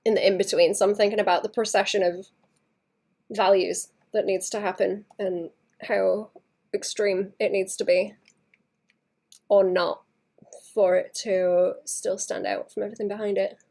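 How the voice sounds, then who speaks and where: A woman livestreaming her painting, chatting casually and thinking aloud in soft mutters that trail into whispers, second-guessing her work. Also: medium pitch, level tone, normal speed, pauses often. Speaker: artist streaming her painting.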